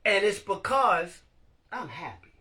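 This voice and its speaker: Guy hosting a live stream, high voice, super bright and sharp, chatty and animated, talks right to the viewers. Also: slow pace. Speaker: podcast host. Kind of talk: casual live-stream chat.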